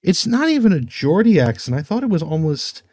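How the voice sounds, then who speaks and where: A man co-hosting a podcast in casual chat, given to animated, exasperated rants. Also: high-pitched, a little fast, dry recording. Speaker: podcast co-host.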